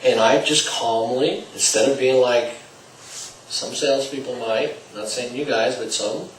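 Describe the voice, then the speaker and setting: Man, sales trainer, storytelling lecture, mid-pitched, roomy distant sound. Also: fairly even intonation, a little slow. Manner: acts out dialogue with shifting volume. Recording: roomy, distant mic, faint ambience.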